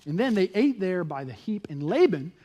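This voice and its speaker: Man, pastor, sermon, high-pitched, animated storyteller, acts out the voices. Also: moderate pace. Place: church stage.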